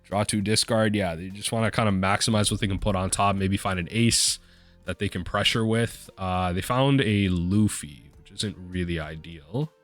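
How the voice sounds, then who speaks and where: A man's voice: sits low, moderate pace. Man casually narrating his card game. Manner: casual, thinks aloud, excited bursts. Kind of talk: live card game commentary.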